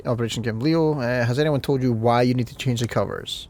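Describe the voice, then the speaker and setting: A man's voice: mid-range voice, fast, a little mellow, slight background noise. A man with a Scottish accent giving casual, chatty gameplay commentary and reading game text aloud. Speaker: let's play host.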